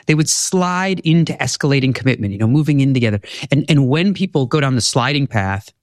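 A man's voice: mid-range voice, lively intonation, brisk, dry recording, studio quality. Articulate male author explaining ideas. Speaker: author and guest. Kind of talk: conversational interview.

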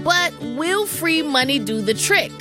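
Bright-ish woman radio host, upbeat, music playing behind. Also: high-pitched, animated, a little slow. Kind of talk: radio news hosting.

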